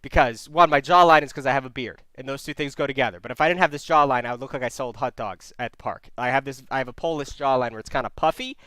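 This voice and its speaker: A man hosting a casual call-in stream chat, joking and animated, with a voice he describes as low but squeaky. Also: quick pace, hardly any pauses, smooth, no echo. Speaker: host.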